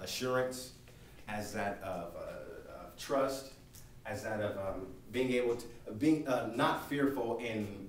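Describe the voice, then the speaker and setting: A young man preaching a class sermon and telling a story, often halting and restarting his words. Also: lowish voice. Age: young adult. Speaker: student preacher. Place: lecture room. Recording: echoey room, distant mic, faint noise.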